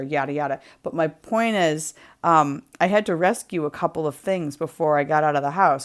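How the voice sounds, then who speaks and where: A woman from New England hosting a craft livestream from her home, telling a story in a rambling, chatty way full of ums and likes. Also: deep voice. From New England, USA. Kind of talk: casual chat storytelling. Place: home, near the kitchen.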